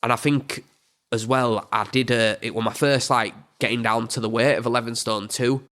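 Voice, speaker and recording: A young man with a Yorkshire accent, a boxer chatting in an interview, halting and repeating his words. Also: medium pitch, fairly even intonation, fairly bright tone. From England. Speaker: boxer guest. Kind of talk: casual interview chat.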